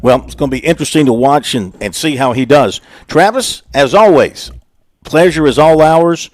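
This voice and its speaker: A man hosting a radio sports show from the studio, relaxed and easygoing as he leads the segments. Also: a little high, normal speed, no echo. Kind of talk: casual radio sports talk.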